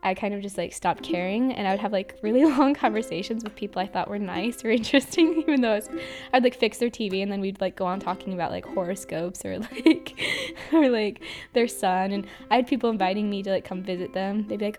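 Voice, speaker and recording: A woman's voice: medium pitch, fast talker, darkish tone, soft background music. A young woman from Idaho telling stories about her old jobs, chatty, with many fillers and frequent giggles. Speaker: interviewee. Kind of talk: casual storytelling.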